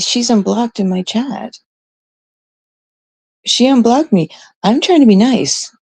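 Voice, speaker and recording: Canadian woman, livestream chat, rambling, addresses viewers, fry, dry sound. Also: fairly high pitch, takes it slowly, darkish tone, no echo. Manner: rambling, talks straight to her chat viewers.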